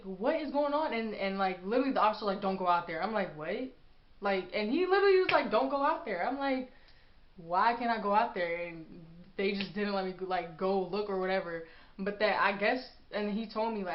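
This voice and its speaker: Sassy young woman telling a story. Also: on the low side. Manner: animated, acts out quotes with sass. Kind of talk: casual storytime vlog. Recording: echoey room, dull lo-fi sound.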